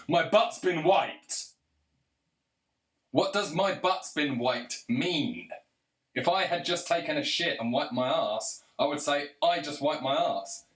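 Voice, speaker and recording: A man rants straight to the camera, angry and sarcastic, swearing freely as he goes. His voice sits at an ordinary male pitch, and the room around him lends a noticeable echo. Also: a bit bright. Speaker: video commentator. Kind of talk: ranting monologue. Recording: roomy echo.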